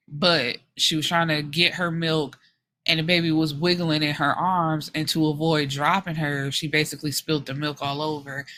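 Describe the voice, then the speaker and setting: A woman hosting a book podcast, casually retelling a story in an animated, frank way, slipping into the characters' lines and swearing now and then. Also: sits low, slight background noise.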